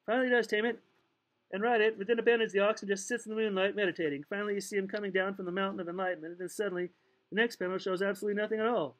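A man with a high-pitched, fairly evenly intoned, somewhat bright voice races through a casual read-aloud of a novel. It's loose and playful narration with occasional stumbles and asides, in a rough recording.

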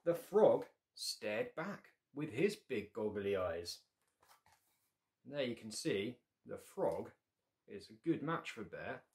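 A man's voice: on the low side, big pitch swings, slow, darkish tone. A man reading his picture book aloud to children, with playful asides to young listeners.

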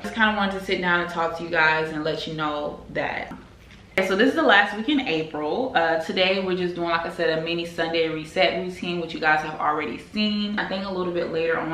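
Young woman vlogger, lowish voice, chatty and casual, roomy echo from her apartment. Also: a bit bright. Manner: chatty, lots of "like" and "girl". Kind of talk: casual chat to camera. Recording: echoey room.

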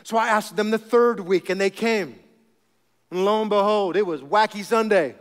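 A man pastor preaching a sermon, telling stories with animated humor. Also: sits high, normal speed, big-room sound.

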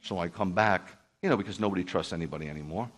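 Male rabbi, very low voice, emphatic storyteller who acts out the dialogue in his sermon. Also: very fast. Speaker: Messianic rabbi. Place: speaking live to a group.

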